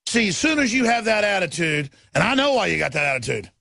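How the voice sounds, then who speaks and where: Furious high-voiced man ranting and shouting. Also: sing-song, fast, gravelly, no room sound. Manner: furious, shouting, scornful tirades; repetitive hammering delivery. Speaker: talk radio host. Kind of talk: impassioned political rant.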